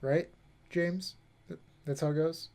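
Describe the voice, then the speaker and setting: A man's voice: a little high, fairly even intonation, a little slow, darkish tone. A young man streaming a card game, thinking through plays aloud and chatting casually with viewers. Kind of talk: casual gameplay commentary.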